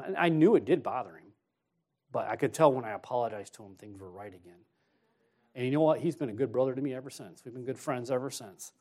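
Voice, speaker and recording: A man preaching in a church, mid-pitched and plain-voiced. He tells his own story in a loose, conversational way, then pushes harder as he exhorts the congregation. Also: lively intonation, fast, a little mellow. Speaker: associate pastor. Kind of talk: sermon with personal story.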